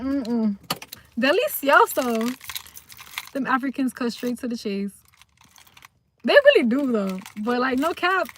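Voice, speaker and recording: A young woman streaming live from her phone, reading comments aloud and rambling in a slangy, casual way. She drifts between mumbled asides and sudden loud outbursts. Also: a little high, a little hiss or hum. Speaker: livestreamer.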